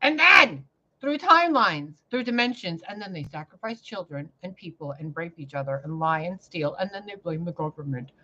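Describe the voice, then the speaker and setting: Lowish woman voice, cussing a lot, rants loud then goes quiet, dull lo-fi sound. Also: expressive, moderate pace, slight background noise. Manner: profane, rambling, swings between loud outbursts and hushed mutters. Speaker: spiritual vlogger. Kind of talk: ranting spiritual vlog monologue.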